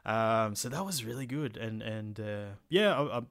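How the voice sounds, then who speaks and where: A man's voice: fairly low pitch, animated, normal speed, a bit bright, dry recording, studio quality. A man, telling a story in a casual podcast chat, full of fillers and swearing. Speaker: podcast co-host.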